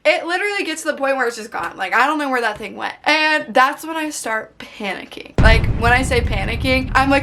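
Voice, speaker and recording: Bright, excitable young woman vlogger. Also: high-pitched, a little hiss or hum. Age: young adult. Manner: animated, dramatic storytelling. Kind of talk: story time vlog.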